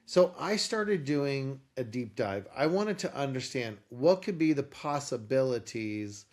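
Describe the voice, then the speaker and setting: A man with a medium-pitched voice, a company founder appearing as an interview guest, recounts a personal story at an unhurried pace. He tells it with animation, voicing the other characters' lines himself.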